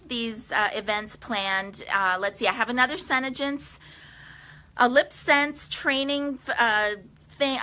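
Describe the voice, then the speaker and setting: Bright-voiced, upbeat woman hosting a live stream. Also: high voice. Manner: chatty, upbeat and enthusiastic. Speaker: quilting studio owner and live stream host. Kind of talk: casual live stream chat. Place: her quilting studio.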